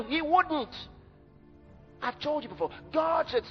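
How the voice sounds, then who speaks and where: Guy preaching hard, high lively voice, shouts then drops low, dull lo-fi hall recording w faint music. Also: unhurried. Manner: fiery, dramatic swings from shouts to low murmurs. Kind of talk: sermon.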